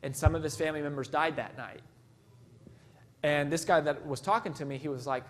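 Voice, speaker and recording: A man delivering a motivational keynote in an emphatic, storytelling manner. His voice sits notably high for a man, and he repeats key phrases for weight. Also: a little fast, long pauses. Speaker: motivational speaker.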